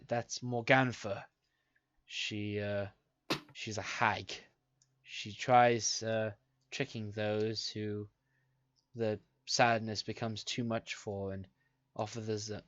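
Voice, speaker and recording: A man's voice: lowish voice, level tone, slow pace, a bit bright, no echo, lo-fi sound. A man narrating a tabletop game as game master, hesitant with many fillers, on a home mic.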